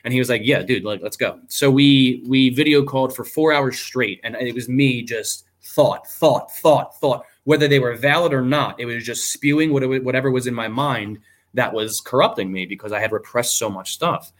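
A man's voice: medium pitch, moderate pace. Young guy, mid-range voice, casual and candid, fillers and swearing; guest on a video-call interview. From United States. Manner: loose and candid, many ums, swears, acts out quoted people. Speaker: guest, army veteran. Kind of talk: casual spoken storytelling.

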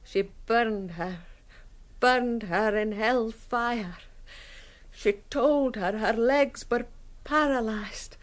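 A fragile, simple-minded young woman in an old radio drama. She speaks very slowly and haltingly in a high, thin voice. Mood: haunted. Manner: slow, halting, breaks into terrified screaming. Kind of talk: 1970s radio drama acting.

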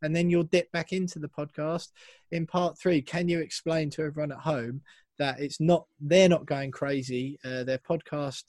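A man hosts a fan podcast in a chatty, teasing way, reading out listener messages with relish. His voice sits a little high. The recording is dry, with no room sound. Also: steady tone, normal speed, darkish tone, no room sound. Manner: chatty, playful, reads listener messages aloud. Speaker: podcast host. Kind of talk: casual podcast chat.

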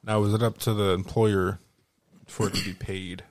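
A man's voice: deep voice, flat delivery, normal speed, a little mellow, no echo. A man co-hosting a podcast in casual chat, loose and laughing, swearing often. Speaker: podcast co-host.

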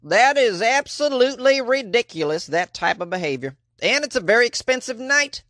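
Speaking in a very high voice with wide swings in pitch, a man performs a full character turn as an indignant middle-aged police chief, scolding and exasperated. He pitches well above his natural voice and keeps a moderate pace and sharp tone. The sound is clean studio quality with no room sound.

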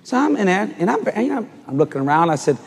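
Animated older preacher, big hall. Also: male voice, high voice, fast. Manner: animated storyteller, acts out voices and shouts at the climax. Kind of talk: storytelling sermon.

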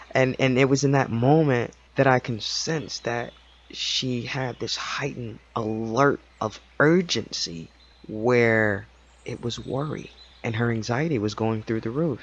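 A man's voice: medium pitch, measured pace. A man hosting a podcast, telling a personal story in a casual monologue and acting out the voices of the people he quotes. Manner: animated, acts out quoted voices, laughs often. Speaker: podcast host. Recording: slightly dull lo-fi recording.

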